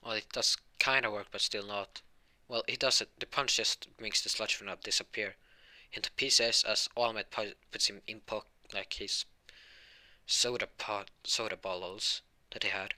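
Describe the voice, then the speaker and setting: A man's voice: fairly low pitch, fairly even intonation, moderate pace, bright, forceful tone. A man casually telling a made-up fan story about cartoon heroes, rambling and correcting himself as he goes. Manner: rambling, full of fillers and self-corrections. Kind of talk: casual spoken fan-fiction retelling.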